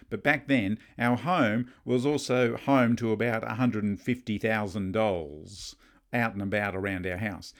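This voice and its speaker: Middle-aged man preaching conversationally. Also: fairly low pitch. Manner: conversational, storytelling, humorous asides. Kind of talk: sermon.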